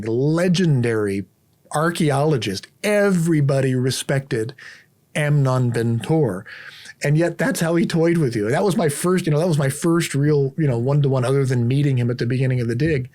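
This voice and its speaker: A man's voice: mid-range voice, normal speed, warm tone. A man hosting a channel, telling a personal story casually to camera and acting out his own reactions. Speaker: host.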